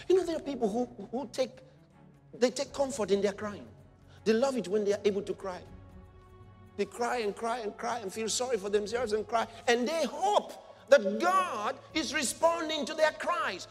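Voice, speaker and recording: A man preaching with fervor, his voice pitched very high and swinging widely as he acts out pleading cries. The sound rings in a long reverberant hall, with faint music playing beneath. He presses each point with rising intensity. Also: big pitch swings, moderate pace, a bit bright. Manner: impassioned, acting out cries and quotes. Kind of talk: sermon.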